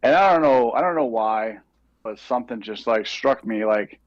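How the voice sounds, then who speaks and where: A man on a gaming podcast panel, talking casually with many pauses and fillers. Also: medium pitch, expressive, dry recording. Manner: hesitant, many fillers and throat clearing. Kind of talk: casual chat. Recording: dull lo-fi mic.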